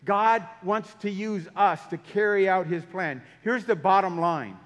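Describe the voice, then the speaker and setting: A man's voice: sits high, measured pace, fairly bright tone. A man preaching a sermon, telling stories and changing his pace for emphasis. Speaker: pastor. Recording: long hall reverb.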